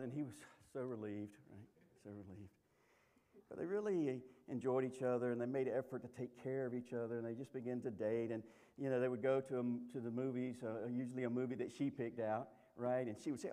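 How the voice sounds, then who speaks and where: A man's voice: medium pitch, steady tone, fairly quick, warm tone. Folksy, joking male preacher. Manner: folksy, humorous storytelling with many restarts. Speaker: pastor. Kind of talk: sermon.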